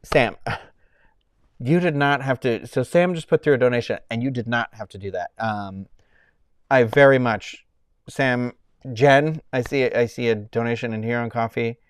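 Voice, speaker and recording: Casual rambly guy streaming live, thanks donors, trails off a lot, dry sound, mid-pitched voice. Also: measured pace, smooth, no room sound. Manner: rambling, self-interrupting, thanking donors warmly.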